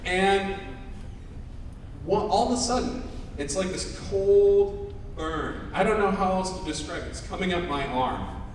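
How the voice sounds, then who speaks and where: Man, high voice, animated storyteller on a hall stage, distant and roomy. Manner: animated, acts out quotes with laughter. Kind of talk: comic personal story to a live audience. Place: large convention hall. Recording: echoey hall, distant mic, noisy.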